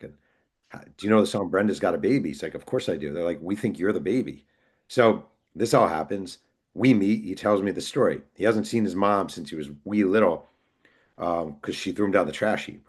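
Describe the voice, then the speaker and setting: Deep-voiced man telling a story. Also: breathy edge. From New York. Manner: animated storyteller, acts out quoted voices. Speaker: author and podcast guest. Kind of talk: conversational storytelling.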